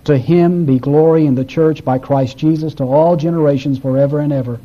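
A male pastor with a high, mellow voice delivers a sermon in a storytelling way. He climbs higher when he quotes someone. The recording is dull and lo-fi. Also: steady tone, fairly quick. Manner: storytelling, rising in pitch when quoting.

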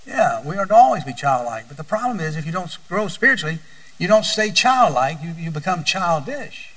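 A man's voice: a little high, sing-song, a little fast, a bit bright, far from the mic, low-quality recording. An older man preaching a sermon as a pastor, telling folksy stories and often repeating his words.

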